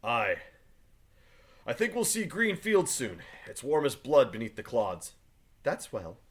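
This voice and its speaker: A man's voice: mid-range voice, huge pitch swings, unhurried, slightly rough, full character voice. A man reading an earnest, stubborn farmer. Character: John Proctor, earnest stubborn farmer husband. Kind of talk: reading play aloud to a class.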